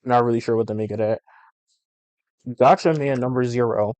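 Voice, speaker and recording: A man's voice: medium pitch, normal speed, no room sound. Slangy man ranting about comics. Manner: slangy, profane, animated rants. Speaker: podcast host. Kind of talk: casual comic book review podcast.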